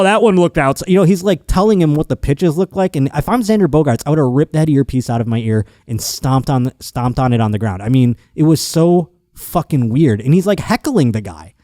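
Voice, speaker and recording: A man hosting a podcast, telling a story in a casual, animated and profane comic monologue. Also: on the high side, moderate pace, no echo, studio quality. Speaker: podcast host.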